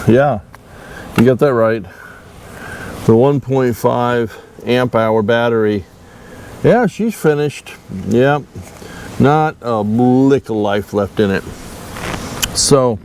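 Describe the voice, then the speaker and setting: A folksy man chats slowly to the camera while he works on a trailer outdoors. He talks in an easygoing, self-mocking way and chuckles at his own mistakes. Faint outdoor noise sits behind him. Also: medium pitch, a little mellow. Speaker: channel host doing a boat trailer fix-up. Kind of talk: casual DIY vlog talk to camera.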